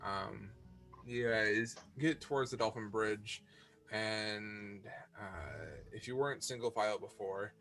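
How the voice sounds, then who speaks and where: A man narrating a tabletop game as game master, halting with many fillers and restarts. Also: lowish voice, fairly bright tone, faint music behind.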